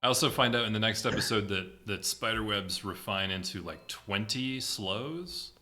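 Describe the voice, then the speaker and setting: A man commenting on a video game in casual chat, animated and often correcting himself mid-sentence. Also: lowish voice, normal speed. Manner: animated, self-correcting, chatty. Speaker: guest commentator.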